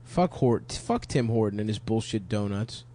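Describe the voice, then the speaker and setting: A man's voice: lowish voice, animated, moderate pace, dark tone. Man tossing out mock-angry profane jabs. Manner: mock-outraged, profane asides. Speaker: podcast co-host. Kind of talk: casual comedy banter.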